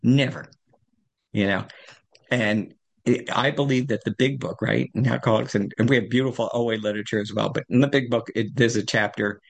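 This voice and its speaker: A man's voice: medium pitch, steady tone, brisk, creaky. A man in his sixties telling his recovery story at a support meeting, rambling and self-deprecating. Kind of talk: personal recovery share.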